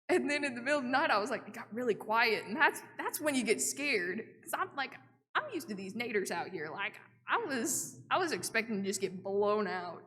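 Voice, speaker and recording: A woman's voice: a little high, lively intonation, brisk, a bit bright. Chatty young woman in a church hall. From Oklahoma. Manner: chatty, acts out her own quotes, many "like" fillers. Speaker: missionary giving a report. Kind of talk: storytelling church talk. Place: church sanctuary.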